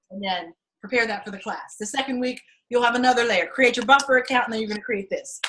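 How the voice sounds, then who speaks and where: A middle-aged woman coaching a class, talking candidly and with lots of swearing as she tells lively stories and pitches her course. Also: fast, few pauses, background noise. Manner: candid and profane, animated storytelling. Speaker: acting and fundraising coach. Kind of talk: casual teaching pitch.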